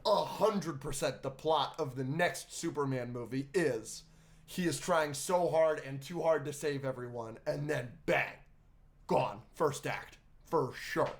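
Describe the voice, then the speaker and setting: Excitable, gushing man on a podcast. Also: on the high side, measured pace. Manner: excitable, gushing, swears freely. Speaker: podcast co-host. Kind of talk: casual film review chat.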